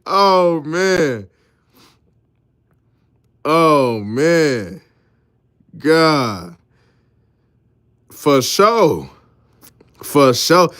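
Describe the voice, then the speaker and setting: A man's voice: fairly high pitch, very animated, extremely slow, long pauses, fairly bright tone, no echo. Laughing man with dry close sound. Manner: laughing, joking slang-heavy banter. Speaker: show host. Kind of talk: casual sports chat.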